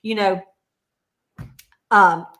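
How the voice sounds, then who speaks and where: A sales consultant chats casually on a video call in a livestream, swapping customer stories and laughing often. Her medium-pitched voice is steady in tone yet sharp, and she draws out her words.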